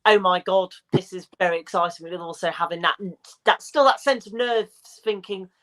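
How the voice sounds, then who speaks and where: A woman calling in to a fan phone-in, speaking haltingly with many restarts and repeated words. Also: fairly low pitch.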